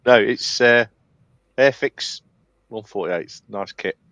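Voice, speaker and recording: A man's voice: lowish voice, slow, a bit bright, no echo, muffled recording. A man on a live panel, chatting casually in short, offhand remarks. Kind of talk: casual chat.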